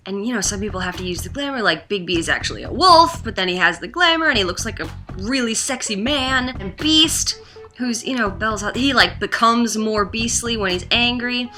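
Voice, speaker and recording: Chatty young woman with a bright voice. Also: on the high side, animated, brisk, faint music behind. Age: young adult. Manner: chatty, heavy on fillers, blunt and swearing. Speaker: game reviewer. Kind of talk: casual game review chat.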